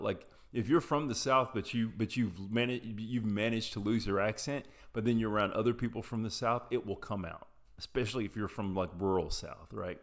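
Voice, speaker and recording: Low-voiced man telling a rambling story. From Appalachia, US. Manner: rambling, digressive, profane. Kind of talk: casual storytelling.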